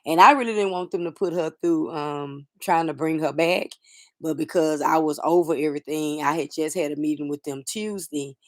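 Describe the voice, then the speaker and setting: A middle-aged woman hosting a casual livestream chat, talking softly and sadly to viewers, rambling with fillers and restarts. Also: low voice, moderate pace, dry recording, clean studio sound. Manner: soft-spoken, grieving, rambling with fillers and restarts. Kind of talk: casual personal talk to viewers.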